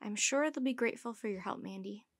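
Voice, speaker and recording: A woman's voice: mid-range voice, fast, husky, no room sound, clean studio sound, natural voice. A woman doing a thoughtful bearded dad. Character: warm bearded father, a vet.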